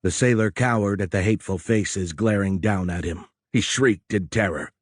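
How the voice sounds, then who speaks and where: A male narrator reads a war novel in a measured, steady storytelling manner. His voice sits fairly low, and the studio recording is close and completely dry. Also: husky, dry recording. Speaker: audiobook narrator. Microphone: close studio mic.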